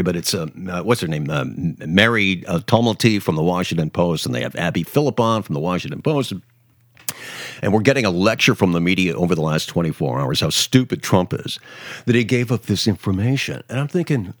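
A man's voice: deep voice, no echo, clean studio sound. A man hosting a political commentary show, delivering a sarcastic, mocking, rambling monologue with many restarts. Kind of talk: opinionated monologue.

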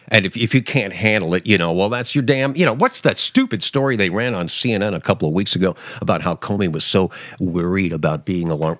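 A man's voice: low voice, fairly bright tone, no room sound, studio quality. A man hosting a political commentary show, talking casually and sarcastically, often mocking other people's voices.

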